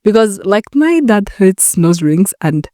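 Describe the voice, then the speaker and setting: A young Rwandan woman hosts a solo podcast, talking to a camera in a chatty, rambling way and acting out phone calls. Her medium-pitched voice is sing-song, a little slow and dark in tone, recorded in a clean studio with no echo.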